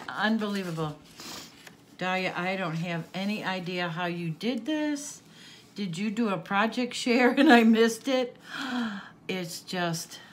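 A woman's voice: fairly low pitch, slight background noise. An older woman hosting a craft channel, gushing and tearful as she opens a gift, gasping and laughing often. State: tearful, sniffling. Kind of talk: casual unboxing chat.

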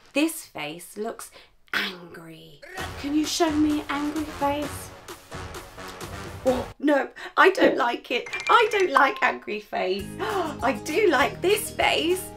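Slow, sing-song teacher for toddlers. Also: female voice, high-pitched, animated, music in the background. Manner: exaggerated, sing-song, gasping. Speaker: children's teacher host. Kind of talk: toddler lesson.

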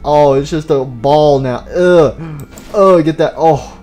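A man's voice: a little high, slow, warm tone, faint music behind. A young man giving rambling, jokey gameplay commentary for his channel, with playful mock-mournful speeches and lots of filler. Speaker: gaming YouTuber.

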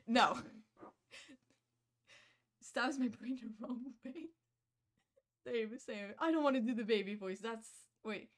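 Giggly high-voiced woman streamer. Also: takes it slowly, long pauses. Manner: giggly, playful and self-mocking, reacting loudly. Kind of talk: casual live-stream chat while gaming.

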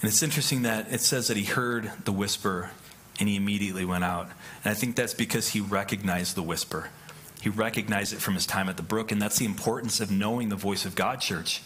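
A man's voice: on the low side, brisk, a bit bright, a little hiss or hum. A male pastor giving a conversational sermon, often checking in with "right?". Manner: conversational, keeps asking "right?".

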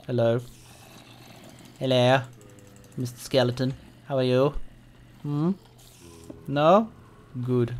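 A man narrating his gameplay in an unhurried, drawn-out way, talking to the monsters on screen as if they were friends. He giggles often and lets out sudden high yelps when things go wrong. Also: darkish tone, a little hiss or hum. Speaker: gameplay commentator. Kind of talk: casual let's-play commentary.

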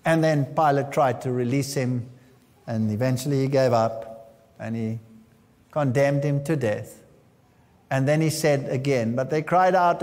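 A man's voice: medium pitch, unhurried, darkish tone, in a large hall. A man preaching a sermon, reading scripture aloud with dramatic emphasis and a touch of dry humor.

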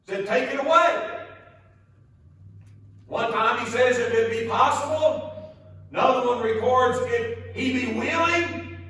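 A Southern US preacher with a strikingly high voice delivers a sermon at a very unhurried pace, leaning on repeated phrases. He sounds distant from the mic, his words ringing through a cavernous church. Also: sharp tone. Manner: slow, emphatic, repeats key phrases. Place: church sanctuary. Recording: echoey church from far off.

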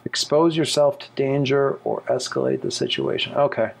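A man running a tabletop game as game master, animated and thinking aloud with many fillers. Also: medium pitch, normal speed, vocal fry.

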